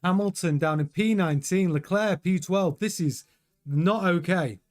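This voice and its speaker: Guy doing live race watchalong commentary, excitable, trips over his words, fairly high voice. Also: unhurried. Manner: excitable, stumbling restarts, chatty. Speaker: host.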